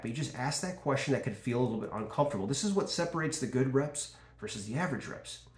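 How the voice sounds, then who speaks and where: Casual sales coach in an echoey room. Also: male voice, medium pitch. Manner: casual, animated, acts out call dialogue. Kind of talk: sales training talk.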